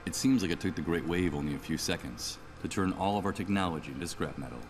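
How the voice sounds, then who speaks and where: A man's voice: sits low, fast talker, close to an everyday voice. An actor playing a wry, sardonic male protagonist in a video game, musing aloud over game music. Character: sardonic troubled man, protagonist. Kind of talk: video game voice acting, inner monologue.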